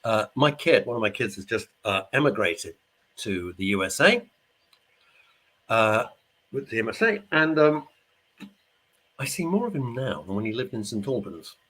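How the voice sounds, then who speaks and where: A man's voice: mid-range voice, big pitch swings, normal speed, pauses often, pushed and bright. A middle-aged man hosting a radio show, chatting casually and jokingly while reading out listener messages. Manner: chatty, jokey, rambling. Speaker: radio host. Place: studio.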